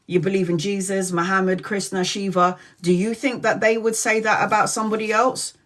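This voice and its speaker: A woman's voice: mid-range voice, steady tone, fairly quick, a bit bright. A woman in her forties hosts a casual tarot live stream. She talks frankly and chattily, drops swear words without a second thought, and keeps calling out her viewers by name. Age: 40s.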